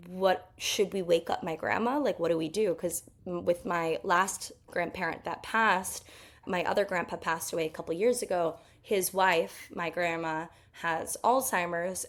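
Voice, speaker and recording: A young woman telling a personal story in a candid, emotional way, with lots of fillers. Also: lowish voice. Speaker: podcast host.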